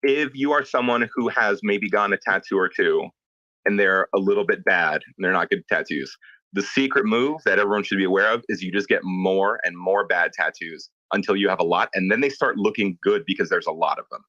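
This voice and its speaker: A low-pitched man with a bright, forceful tone tells stories in a relaxed, animated chat. He slips into quoted voices and swears casually. The sound is dry and a little dull, like an online audio room. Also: brisk, no echo. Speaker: tattoo artist guest.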